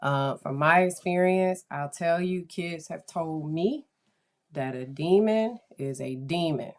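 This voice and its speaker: Low-voiced woman podcast host. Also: takes it slowly. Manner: chatty, animated, acts out quoted voices. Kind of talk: casual podcast talk.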